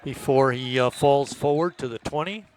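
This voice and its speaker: Folksy man calling high school football. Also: normal speed, slight background noise. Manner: relaxed, folksy calling with frequent fillers. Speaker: play-by-play announcer.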